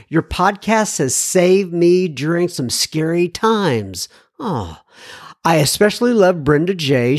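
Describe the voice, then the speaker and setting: A man with a fairly high voice hosts a podcast and reads listener emails aloud. He talks in a chatty, joking way and breaks in with asides. The sound is close and dry, with no room around it. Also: dry recording. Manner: chatty, joking asides, animated swings in pitch. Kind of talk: casual podcast monologue.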